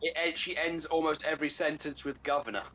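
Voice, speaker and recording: A man's voice: on the high side, flat delivery, fairly quick, bright, forceful tone, low-quality recording. A man co-hosting a let's play, joking and rambling casually. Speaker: co-host. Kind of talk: casual gaming commentary.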